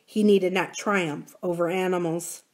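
Brief: woman library reader, low voice, measured book narration. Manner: measured, even storytelling. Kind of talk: reading a novel aloud.

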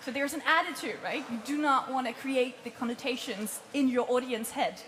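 A woman coaching a group on presenting, chatty and lively, often laughing between points. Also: sits high, normal speed, a little hiss or hum. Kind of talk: workshop teaching.

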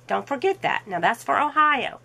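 A woman's voice: high-pitched, very animated, moderate pace, vocal fry, bright, forceful tone, poor audio. A middle-aged woman chatting casually to her viewers as a crafting vlogger, amused and full of rhetorical questions. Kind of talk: casual chat.

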